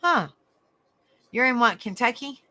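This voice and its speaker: Southern gal chatting w viewers on a livestream, bright voice, says honey and darling a lot. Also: female voice, on the high side, expressive, measured pace. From South Carolina, raised in Tennessee. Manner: chatty, endearing terms like honey and darling, frequent restarts. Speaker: livestream host. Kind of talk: casual live chat with viewers.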